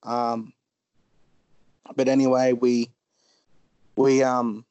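A man's voice: medium pitch, little pitch movement, a little mellow, clean tone, no echo, highs cut off. Man, emotional storyteller, hesitant delivery, dry close sound. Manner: halting, frequent ums, pauses.

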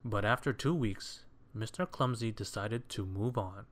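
Slow, low-voiced male storyteller. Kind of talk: children's story reading.

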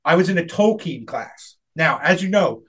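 A high-voiced man tells a long comic story in a loose, chatty way. He laughs often and slips into the voices of the people he quotes. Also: lively intonation, moderate pace, a bit bright, breathy edge. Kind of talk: casual storytelling chat.

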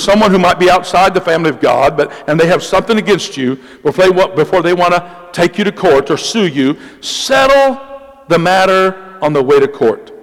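A male pastor preaches a sermon with emphasis, repeating key phrases and slowing for weight. His voice sits high and moves in lively swings. The long reverb of a church hall trails behind him.

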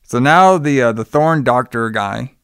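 Brief: male podcast co-host, smooth and dry-miked, loose and profane, filler-heavy. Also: medium pitch, expressive, measured pace, no room sound. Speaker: podcast co-host recapping a film. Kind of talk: casual chat.

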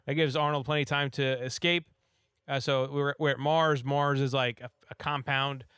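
A man's voice: medium pitch, steady tone, moderate pace, a bit bright, smooth, no echo, clean studio sound. A man giving a casual, rambling movie recap, full of fillers and acted-out quotes.

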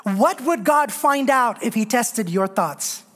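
A man preaching a sermon as a pastor, moving from raised, fervent passages to quiet, joking storytelling. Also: expressive, slow. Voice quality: swings from loud preaching to low, quiet asides. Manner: humorous storytelling with self-deprecating jokes.

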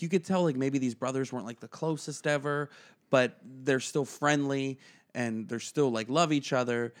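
Podcast co-host, male, mid pitch, rambling storyteller. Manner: rambling, full of "like", mimics people in quoted bits. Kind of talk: casual chat, storytelling.

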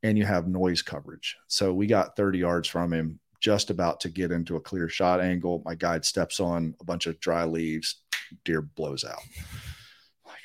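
A middle-aged man speaks in a low voice as a guest on a casual podcast. He tells his story with energy and acts out the lines of the people in it. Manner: animated, acts out quotes of others. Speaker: interview guest.

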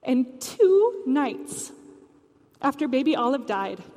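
A woman's voice: high voice, big pitch swings, takes it slowly, a little mellow, long reverb tail. A woman preacher giving a sermon, telling a personal story earnestly.

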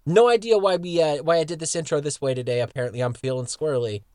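A man's voice: fairly high pitch, fast talker, darkish tone, dry recording, studio quality. A man co-hosting a casual podcast, joking and sometimes tripping over his words. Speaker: podcast co-host.

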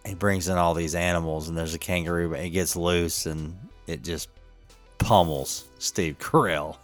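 A man's voice: low-pitched, steady tone, moderate pace, soft background music. A middle-aged man co-hosting a podcast, telling rambling stories with a chuckle in casual chat. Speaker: podcast co-host.

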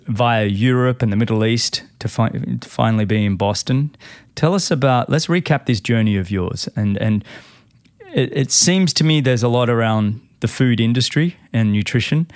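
Gravelly low Australian man hosting a podcast. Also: dry recording, studio quality. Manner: enthusiastic, friendly, says "mate". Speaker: podcast host. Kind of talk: casual podcast interview.

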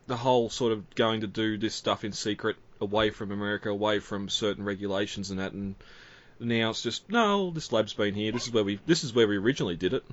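A man's voice: on the low side, dull audio. A man in casual film talk, chatty and laughing between points.

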